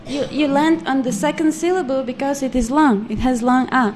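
A woman with a high, light voice leads a live class, patiently correcting students and drawing out each syllable with care. Steady noise hangs under her voice throughout the recording. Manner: patient, corrective, repeats words slowly and precisely. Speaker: Sanskrit pronunciation teacher.

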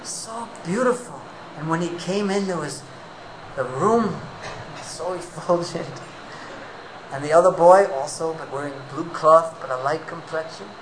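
Man, preacher, high voice, animated sermon storytelling, Sanskrit terms. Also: unhurried, background noise.

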